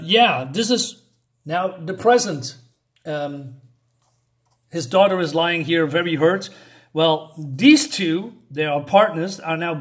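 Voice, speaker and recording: A man talking through a comic book issue page by page in a casual, halting way, with many fillers and the odd chuckle. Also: a little high.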